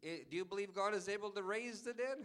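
A man's voice: high voice, fast talker, fairly bright tone, smooth. A male pastor preaching a sermon with emphatic, call-and-response delivery. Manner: emphatic, calls out "Amen?" to the congregation.

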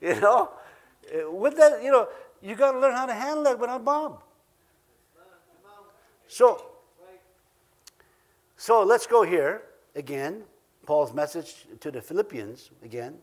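A man's voice: sits high, lively intonation, slow pace, long pauses. A man with an Ojibwe accent preaching a sermon, earnest and repeating key phrases for emphasis, with chuckles between points.

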